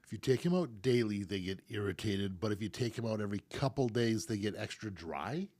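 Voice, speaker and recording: A man's voice: lowish voice, lively intonation, fairly quick, darkish tone. A middle-aged man, a professional piercer, hosting a live stream and answering viewer questions in a friendly, rambling way. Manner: friendly, rambling advice with repeated words. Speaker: professional piercer and show host.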